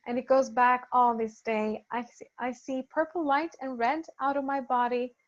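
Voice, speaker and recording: Woman, spiritual healer, soft-spoken, hesitant, fairly high voice, dull lo-fi recording. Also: steady tone. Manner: soft-spoken, gentle, hesitant with many pauses and fillers. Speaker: spiritual healer leading a program. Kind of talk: casual talk reading and answering participant feedback.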